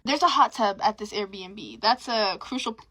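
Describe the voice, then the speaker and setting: A young woman telling a personal story in a rushed, chatty way, full of asides and "like"s. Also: mid-range voice, sharp tone, breathy edge, dry recording, poor audio. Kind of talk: casual storytime monologue.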